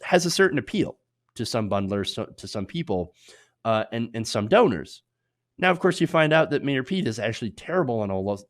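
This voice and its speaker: A man hosting opinionated political commentary, sarcastic, with loose delivery and frequent restarts. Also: mid-range voice. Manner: sarcastic, mocking put-on voices for quotes.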